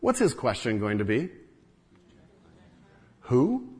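A pastor with a fairly high, husky male voice delivers an earnest sermon at a slightly slow pace. His loudness rises and falls as he acts out the quotes, and the recording carries a long hall reverb.

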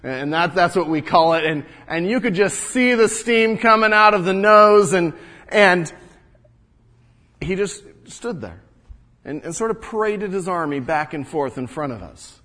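A man's voice: sits high, animated, unhurried, sharp tone, heavily acted. A man playing an earnest ancient wall-builder. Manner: earnest and indignant, stumbles over repeated words. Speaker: first-person biblical character monologue. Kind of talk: dramatic first-person storytelling.

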